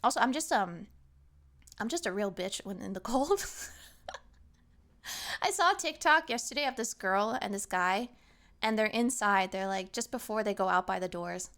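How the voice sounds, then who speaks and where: A young woman streamer chatting casually with her chat, lively and animated, sometimes acting out what people say. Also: medium pitch, normal speed, long pauses.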